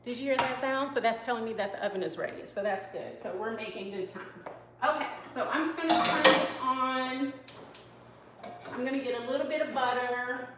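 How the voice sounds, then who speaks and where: Cooking live in her home kitchen, a chatty woman chef chats with her viewers, answering their comments in a rambling way peppered with "like" and "you know." She speaks at a moderate pace in a somewhat high voice, amid room echo and heavy background noise.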